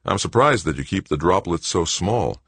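A man's voice: deep voice, expressive, moderate pace, fairly bright tone, slightly rough, no echo, exaggerated voice. A man voicing a wry, plainspoken male CEO. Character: self-critical male company CEO, dry humor. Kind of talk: audiobook character voice.

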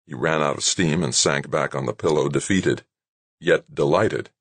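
Deep, husky audiobook narrator. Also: male voice, normal speed, no room sound. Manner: expressive storytelling.

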